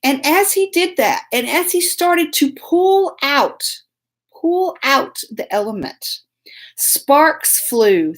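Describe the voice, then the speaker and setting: A woman talks straight to camera, spinning a story in a loose, self-mocking drawl. Her fairly high voice swoops up and down with lots of life. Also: expressive, takes it slowly, a bit bright. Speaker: host.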